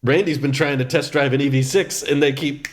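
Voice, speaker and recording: A man's voice: fairly high pitch, steady tone, fairly quick, slight background noise. A man co-hosting a podcast in casual chat, laughing often and joking by imitating people. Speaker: podcast co-host.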